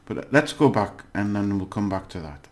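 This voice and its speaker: A man teaching a casual recorded language lesson, patient, often checking in with the listener and pausing on "uh" as he goes. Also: fairly low pitch, expressive, a little mellow.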